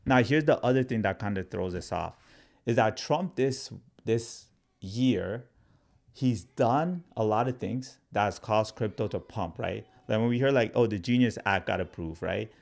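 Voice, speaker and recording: At a measured pace and in a low, creaky voice, a crypto educator chats casually with his livestream audience. He reads comments out loud, talks right to viewers, and keeps things loose with plenty of "like" and "right?".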